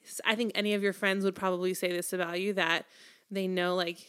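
A woman's voice: lowish voice, level tone, fairly quick, a bit bright, clean tone. A young woman in casual chat, talking hesitantly with many fillers.

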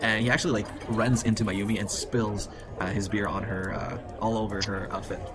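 Fast-talking man running a tabletop game. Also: lowish voice, steady tone, fairly bright tone, soft background music. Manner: quick narration with many fillers. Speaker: game master.

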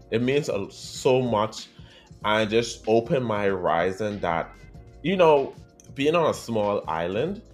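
A man with a Bahamian accent talks to his listeners in a casual podcast monologue. His voice sits fairly low but swings widely in pitch, chatty and expressive. Faint music plays behind him. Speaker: podcast host.

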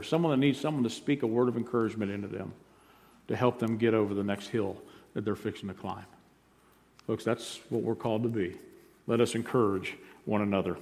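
Preacher in a reverberant hall. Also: male voice, mid-range voice. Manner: emphatic preaching, repeats key points, swings loud and soft. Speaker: pastor. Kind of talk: sermon.

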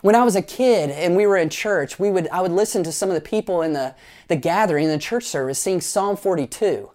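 Brisk and high-pitched, a male pastor works through his sermon with spirited storytelling and playful asides, calling the congregation into group actions.

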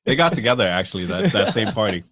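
A man's voice: on the low side, fast talker. A young man casually telling a rude party story to friends on a podcast, swearing and acting out what people said. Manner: animated, swearing, acts out quotes. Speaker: podcast host.

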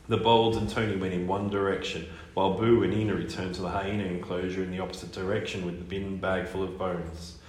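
A man reading a children's book aloud in a lively storytelling manner. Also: low-pitched, brisk, few pauses. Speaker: reader. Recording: echoey room, faint noise.

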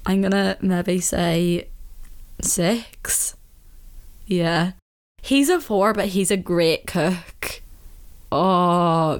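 With a fairly low pitch and a Northern Irish accent, a young vlogger from Northern Ireland talks casually and forcefully about her views. She laughs often and occasionally slips into whispering.

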